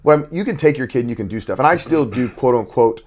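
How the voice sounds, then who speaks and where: A man's voice: mid-range voice, animated, fast talker. A man talking as a podcast guest about being a father and youth coach, earnest and reflective, often restarting his sentences. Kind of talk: podcast conversation.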